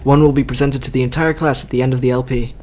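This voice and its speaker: A man's voice: medium pitch, steady tone, quick pace, a little mellow. A man casually commenting over his own gameplay, cracking dry jokes and rambling through side remarks. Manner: dry, joking, rambling asides. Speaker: let's play host.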